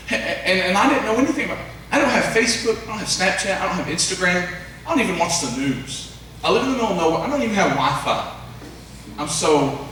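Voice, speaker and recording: A man preaching a revival sermon in a church, telling stories with animated energy and talking straight to the congregation. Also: medium pitch, recorded from a distance, slight background noise. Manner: animated storytelling, addresses congregation directly. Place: church sanctuary. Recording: very echoey church sound from afar.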